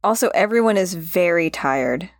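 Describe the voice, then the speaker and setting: A woman co-hosting a podcast talks with a lively, bouncing melody. She is teasing and quick to laugh, and keeps things playful as she chats. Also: lowish voice. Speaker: podcast co-host. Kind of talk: casual chat.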